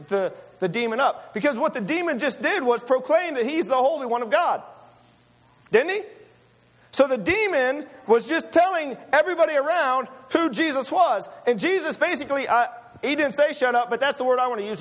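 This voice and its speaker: A man's voice: very high-pitched, lively intonation, moderate pace. A man preaching a sermon, emphatic and full of rhetorical questions to his listeners.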